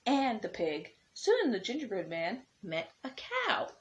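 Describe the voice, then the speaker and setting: Preschool teacher lady reading stories to the kids, gentle, trips over words sometimes, kinda muffled audio. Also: on the high side, wildly swooping pitch, measured pace, slight background noise. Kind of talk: reading storybooks aloud to children. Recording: dull lo-fi recording.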